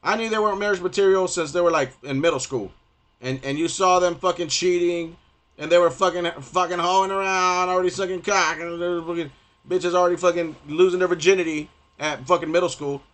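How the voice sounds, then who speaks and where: A man's voice: high voice, fairly even intonation, brisk, a bit bright. A young man ranting on a gaming stream, profane and rambling, stumbling over restarts and repeating himself.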